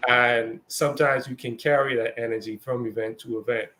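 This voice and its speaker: A man's voice: medium pitch, fairly even intonation, normal speed, bright, forceful tone. A man co-hosting a casual spiritual discussion, talking loosely with lots of fillers and acted-out quotes. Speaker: co-host.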